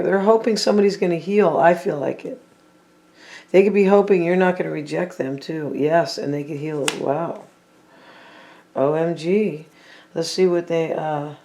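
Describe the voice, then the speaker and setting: A tarot reader talking casually to viewers while laying out cards, thinking out loud and often saying what they feel, with playful teasing asides. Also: medium pitch. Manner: chatty, thinking aloud, repeats and hedges with "I feel like".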